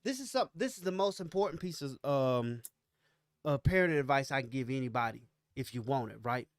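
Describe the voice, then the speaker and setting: A young adult man co-hosting a casual chat, telling animated, slangy stories and acting out what people said. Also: mid-range voice, a little fast, no room sound, clean studio sound. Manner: animated storyteller, acts out quotes, slangy. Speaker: podcast co-host.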